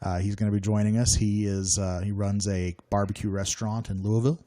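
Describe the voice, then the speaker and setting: A man's voice: fairly low pitch, little pitch movement, brisk, mellow, dry recording. A man hosting a casual chat show, upbeat and joking, with a self-deprecating streak. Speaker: podcast host.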